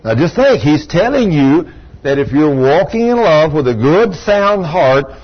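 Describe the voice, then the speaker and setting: An older man delivers an animated sermon, slipping into voices as he tells his stories. His voice sits a little high and has a husky edge. The recording sounds dull and lo-fi. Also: measured pace. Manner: animated storytelling, acting out voices. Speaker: pastor.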